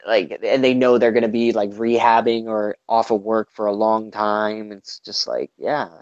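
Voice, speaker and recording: A man's voice: on the low side, level tone, moderate pace, a little mellow, clear, resonant tone, no echo. A man in casual political chat, rambling with lots of fillers and swearing, acting out the quotes he retells. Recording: dull lo-fi sound, dry.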